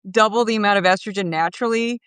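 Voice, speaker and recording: A woman speaking as a guest in a casual chat, talkative and quick to laugh, full of animated asides. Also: medium pitch, smooth, no room sound. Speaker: guest, cable news watcher. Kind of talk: casual conversation.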